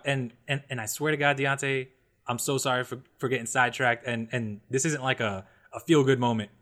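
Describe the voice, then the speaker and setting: A man in his twenties in casual conversation, telling a story in a profane, animated way, swinging from loud bursts to low mutters. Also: moderate pace. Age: 20s. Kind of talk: casual chat.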